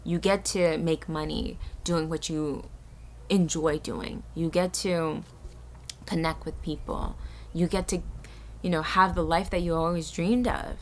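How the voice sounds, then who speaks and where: A woman from the Bronx, speaking as a vlogger in a soft, halting way that searches for words while she tells a personal story. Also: low voice, fairly even intonation, a little hiss or hum. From the Bronx, New York. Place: eco-village in a jungle.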